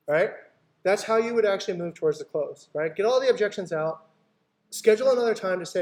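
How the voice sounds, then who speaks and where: Animated man coaching a sales team. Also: high-pitched, a little fast. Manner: lively, acts out client dialogues, keeps asking "right?". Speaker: company CEO training his sales team. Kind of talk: sales training in an online video meeting.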